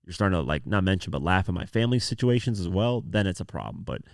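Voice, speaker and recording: A man's voice: deep voice, animated, fast talker, clear, resonant tone, no room sound, clean studio sound. A young man hosting a podcast, telling a story in a loose, rambling way with lots of fillers. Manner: rambling storytelling, frequent "you know" and "man". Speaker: podcast host. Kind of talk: casual solo commentary.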